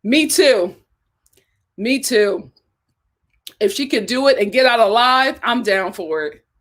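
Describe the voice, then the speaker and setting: A woman's voice: a little high, lively intonation, slow pace, a bit bright. A young woman hosting a casual live stream, chatting animatedly, reading viewer comments aloud and laughing often. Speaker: live-stream host reviewing a reality show.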